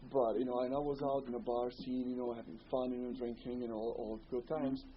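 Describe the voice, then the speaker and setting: In an oral history interview, a man with a Bosnian accent reminisces in a relaxed, rambling way, sprinkling his story with "you know." His middle-pitched voice runs a little fast, and the recording is slightly dull with a faint hiss beneath it.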